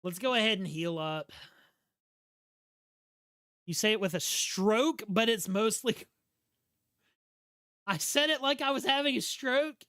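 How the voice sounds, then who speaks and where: Young male streamer, Southern drawl, bright tone, rambling jokey patter. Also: high voice, takes it slowly, pauses often, clean tone, no room sound, studio quality. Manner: joking, rambling, talks back to chat; slurred drawl. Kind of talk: casual live-stream gaming chat.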